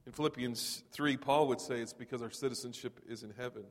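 A man's voice: medium pitch, fairly even intonation, brisk, hardly any pauses. A man in his forties from Texas, preaching a sermon in a conversational storytelling way with touches of humor. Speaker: pastor. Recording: long reverb of a large hall.

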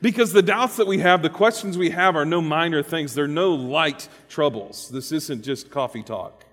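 A pastor preaching a sermon, conversational and dynamic, with rhetorical questions and humor. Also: male voice, on the high side, moderate pace, fairly bright tone, in a large hall.

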